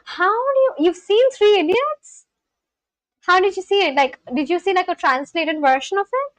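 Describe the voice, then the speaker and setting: An Indian woman hosts a casual livestream, chatting and giggling as she reads viewers' messages aloud and answers them. Her voice is very high and her pace normal, though the dry recording, with no room sound, is of poor quality.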